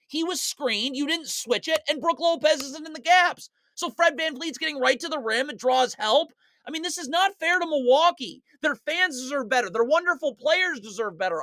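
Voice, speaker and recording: Sarcastic mock-furious basketball film breakdown. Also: no room sound. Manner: sarcastic, mock-exasperated, talks directly to the players; swings between low mutters and loud outbursts. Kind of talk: video breakdown commentary over game footage.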